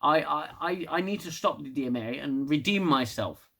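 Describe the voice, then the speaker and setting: A man's voice: a little high, expressive, normal speed, creaky, sharp tone, exaggerated voice. A man parodying a flustered older female general, stammering in a fake-earnest way.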